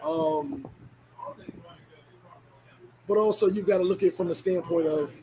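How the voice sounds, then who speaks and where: A man's voice: a little high, unhurried, a little hiss or hum, poor audio. A middle-aged man vlogging from the Dominican Republic, chatting casually with his viewers, laughing and acting out what people say to him. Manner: animated, laughing, quoting people in voices. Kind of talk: casual livestream chat.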